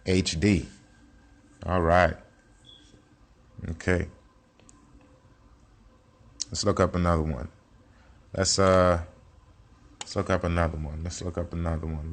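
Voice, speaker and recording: A man teaching casually, in a blunt and slangy way with plenty of swearing, repeating his points as he walks through a screen share. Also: low voice. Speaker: self-taught investing teacher.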